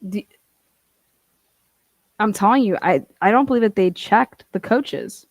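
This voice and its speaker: A woman's voice: mid-range voice, expressive, measured pace, no room sound. A woman hosting a casual true crime livestream, swearing freely, laughing and reading court documents aloud. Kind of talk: casual profane livestream commentary.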